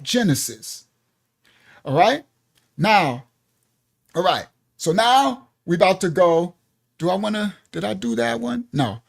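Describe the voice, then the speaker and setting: A man with a high-pitched voice gives a Bible lesson. He talks with rising excitement, gets loud and keeps asking his listeners if they follow. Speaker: Bible teacher. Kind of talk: excited teaching talk.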